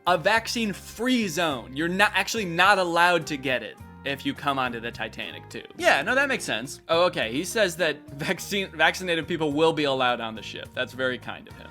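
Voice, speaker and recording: A young man riffs through comedic video commentary with quick, sarcastic asides. His voice sits a bit high and swings widely in pitch, with light music under it. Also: animated, bright, forceful tone. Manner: sarcastic, jokey, fast asides. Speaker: commentary youtuber.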